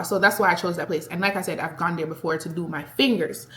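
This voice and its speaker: A woman telling a story in a casual vlog, animated and expressive, laughing often as she talks to her camera. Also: lowish voice, fast, hardly any pauses, roomy sound. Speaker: vlogger mom. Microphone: handheld camera.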